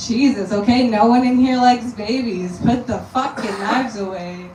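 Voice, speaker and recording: A woman's voice: mid-range voice, slow pace, a little hiss or hum. Young woman doing stand-up in a roomy venue. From Texas. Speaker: stand-up comedian. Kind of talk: stand-up comedy set. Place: comedy venue with audience. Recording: roomy live sound from a distant mic.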